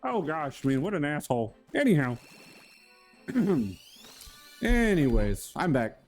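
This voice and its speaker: A man hosts a live stream, chatting casually with his viewers in a loose, goofy, rambling way. His voice sits a little higher than most men's. Quiet music hums faintly in the background. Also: sing-song, slow pace. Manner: rambling and goofy, greets chat by name.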